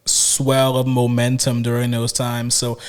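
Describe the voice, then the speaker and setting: Guy co-hosting a podcast, smooth clear voice, rambles and restarts a lot. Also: mid-range voice, monotone, a little slow. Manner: rambling, lots of restarts and fillers. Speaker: podcast co-host. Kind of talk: casual podcast chat.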